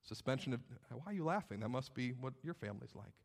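A man's voice: medium pitch, lively intonation, quick pace, gravelly. A male pastor preaching a sermon, dynamic and conversational, acting out doubters' voices along the way.

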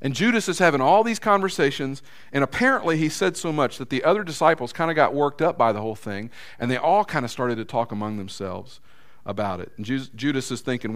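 A man's voice: mid-range voice, animated, brisk, a bit bright. A man preaching a conversational sermon, acting out characters' thoughts and speaking directly to the congregation.

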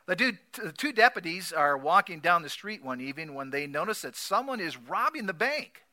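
A man preaching a sermon, repeating key phrases emphatically and swinging between loud declarations and soft asides. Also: high voice, big pitch swings, a little fast. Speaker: pastor.

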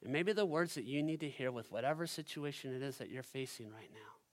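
Addressing his congregation head-on, a male pastor delivers a sermon at a church service, shifting from forceful, pounding stretches to quiet moments. He speaks fairly quickly in a mid-range voice.

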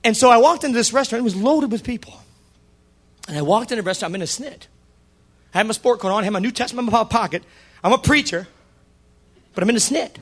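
This middle-aged pastor has a high, husky voice. He delivers a story-driven sermon in an animated way, voicing the dialogue with shifting tones.

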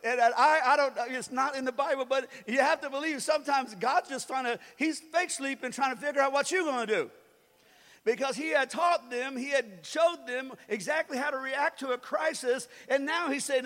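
High-voiced man preaching in a reverberant hall. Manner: conversational, joking preaching that rises to shouts. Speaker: pastor. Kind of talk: sermon.

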